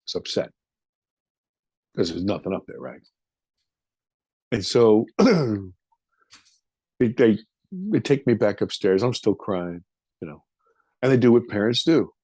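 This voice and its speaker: A man's voice: fairly low pitch, sing-song, slow, pauses often, warm tone, breathy edge, no echo. A man in his fifties, a podcast guest, telling a personal story in a vivid, emotional, casual way with some swearing.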